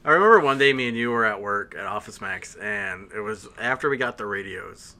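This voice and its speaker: Eager rambling podcast host, bright voice. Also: male voice, fairly low pitch, animated, brisk. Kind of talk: casual chat.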